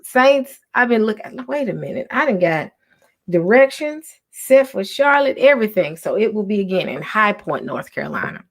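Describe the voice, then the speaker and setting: A woman hosting a casual livestream from home, talking softly with many ums and restarts. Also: mid-range voice, sing-song, moderate pace. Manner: soft, half-whispered talk with many ums and restarts. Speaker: livestream host.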